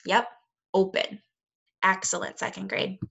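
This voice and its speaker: A woman with a bright, clear voice leads a remote phonics lesson for second graders. She talks slowly and plainly, sounding words out and praising the kids often. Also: medium pitch, little pitch movement. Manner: slow, clear, encouraging teacher talk to young children.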